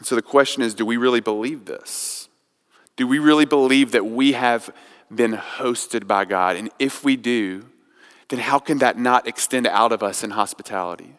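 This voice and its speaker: A man preaching a sermon as pastor, telling a story, swinging from quiet and slow to loud and raised. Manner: storytelling, builds from soft and slow to loud and high. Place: church sanctuary. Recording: long church hall reverb.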